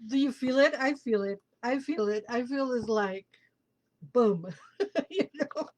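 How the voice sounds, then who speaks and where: A woman's voice: a little high, unhurried, a little hiss or hum, low-quality recording. A woman hosting a casual live tarot reading, emphatic and emotional, repeating key words for stress and laughing between lines. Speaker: tarot reader and show host.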